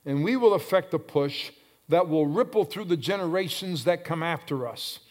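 A man with a fairly high voice preaches with fervor. He swells to loud, drawn-out calls and drops to hushed low phrases, hammering key words over and over. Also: lively intonation. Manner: repeats phrases for emphasis. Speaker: pastor. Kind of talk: sermon.

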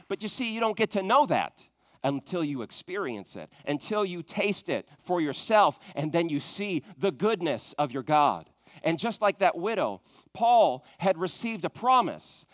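A male pastor preaching a sermon, talking straight to his congregation with questions, rising to loud emphatic peaks and dropping to hushed tones. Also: on the high side, no room sound, studio quality.

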